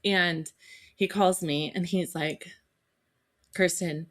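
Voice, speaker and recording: A woman's voice: fairly low pitch, takes it slowly. A woman in her thirties, a podcast host telling a story in casual chat, acting out the voices of the people in it. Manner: animated storytelling, acts out quoted voices.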